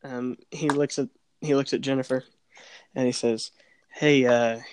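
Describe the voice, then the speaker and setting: A man's voice: mid-range voice, measured pace, clean tone, dry recording, studio quality. Young man telling a story, laughing. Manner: animated, laughing, acts out voices in his stories. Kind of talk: casual storytelling chat.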